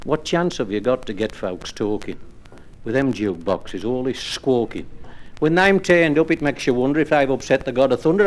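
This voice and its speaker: A man's voice: medium pitch, a little mellow. A man with a Black Country accent doing stand-up jokes and rhyming monologues in dry, broad dialect to a live audience. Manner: dry storytelling in broad dialect, slows for rhymed verses. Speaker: stand-up comedian and monologue performer. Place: live club or pub stage with audience.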